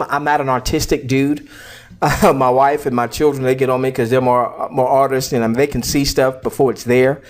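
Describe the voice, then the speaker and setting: Chatty man with a slight cough. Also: medium pitch. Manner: chatty, many fillers and repeats. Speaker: online business promoter. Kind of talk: casual screen-share walkthrough.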